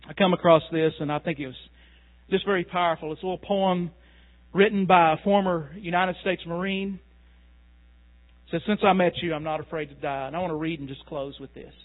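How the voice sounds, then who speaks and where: A man preaching a sermon as pastor, earnest and warm in appeal, closing with a prayer and an altar call. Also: a little high, fairly even intonation, a little fast. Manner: earnest preaching, rising with emotion when reading the poem. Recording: tinny phone-like sound with mains hum.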